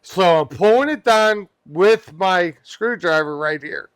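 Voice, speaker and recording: A man's voice: high voice, lively intonation, slow pace, smooth, no echo. A pest control worker, a man, telling a wild work story on a comedy podcast, swearing freely and laughing as he goes. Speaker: podcast guest. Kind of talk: animated storytelling.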